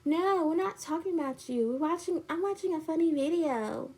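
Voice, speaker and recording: A woman voicing a two-faced young woman who acts falsely sweet, in a soft, high, drawn-out sing-song. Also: expressive. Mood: fake sweet.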